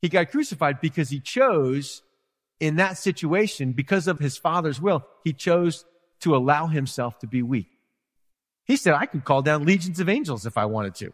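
A male pastor delivers an animated sermon, slipping into quoted voices and playful asides. His voice sits a little higher than most men's. The sound carries a long reverb from the hall. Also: moderate pace.

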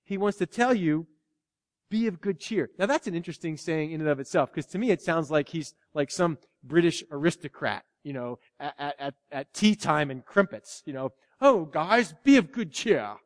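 A man preaching a sermon as pastor, animated, dropping to a hush and acting out quoted lines. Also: fairly high pitch, moderate pace. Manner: animated, swings from loud to hushed, acts out quotes. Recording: long hall reverb.

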